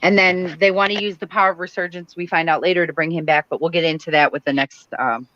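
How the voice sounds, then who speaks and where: A woman's voice: lowish voice, steady tone, fast talker, a bit bright. A woman co-hosting a casual chat, walking through a plot step by step with frequent ums. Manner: methodical narrator with frequent ums. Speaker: co-host. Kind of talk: casual chat recapping a TV episode. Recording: dull lo-fi stream audio.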